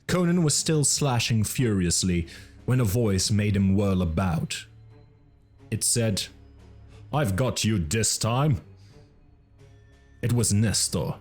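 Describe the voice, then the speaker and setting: A man narrating a fantasy audiobook in a measured, dramatic reading. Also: on the low side, a little mellow. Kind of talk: scripted narration.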